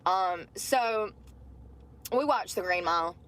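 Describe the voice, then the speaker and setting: A woman with a mid-range, slightly bright voice casually tells a personal story to her livestream audience at a slow pace. She is chatty and keeps addressing her viewers as y'all.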